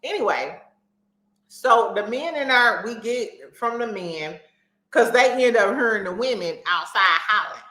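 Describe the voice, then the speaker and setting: Animated, profane woman gossiping about reality TV. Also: a little high, a little slow. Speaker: reality TV recap host. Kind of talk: casual reality show recap. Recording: echoey room.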